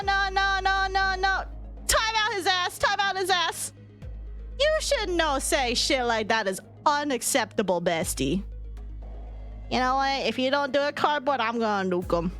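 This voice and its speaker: A woman's voice: high-pitched, expressive, moderate pace, a bit bright, soft background music. A young woman streaming a game in casual chat, laughing constantly and swearing freely. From United States.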